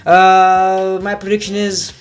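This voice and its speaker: A man with a high voice and flat delivery speaks slowly over soft background music. He rambles through casual wrestling predictions, swearing freely and cutting himself off mid-sentence.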